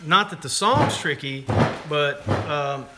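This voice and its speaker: A man co-hosting a relaxed live broadcast, his speech unhurried to the point of drawling. He wanders between thoughts, restarting sentences and tossing in jokes. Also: a little high, very noisy. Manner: rambling, self-interrupting, jokey. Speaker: podcast co-host. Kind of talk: casual live-stream chat.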